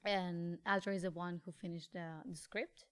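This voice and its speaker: A woman's voice: fairly low pitch, flat delivery, normal speed, a bit bright. A woman from Mexico with a Mexican Spanish accent, a guest chatting casually in an interview and often filling with "like". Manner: chatty, leans on "like" as a filler. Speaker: actress and guest.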